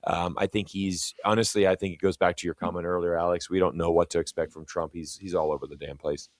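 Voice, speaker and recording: Canadian-accented man co-host, very low voice, rapid rambling opinions, dry close mic. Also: little pitch movement, no room sound. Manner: rambling, many "you know" fillers, opinionated. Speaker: co-host of a live talk stream. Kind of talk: casual political chat.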